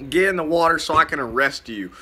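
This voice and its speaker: Barking kayak cop, as a man puts him on, raised pitch, sharp, bossy, shouting. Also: animated, fast, husky, heavily acted. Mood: commanding. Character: bossy made-up male park cop on a kayak.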